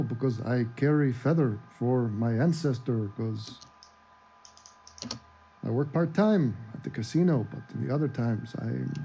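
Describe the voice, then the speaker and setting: A man voicing a solemn caricature figure who speaks slowly and hesitantly, repeating himself. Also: medium pitch, vocal fry, dark tone, slight background noise, pitched below the performer's own voice, poor audio. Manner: slow, hesitant, with repeated halting phrases. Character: solemn, halting caricature man fixated on burial grounds.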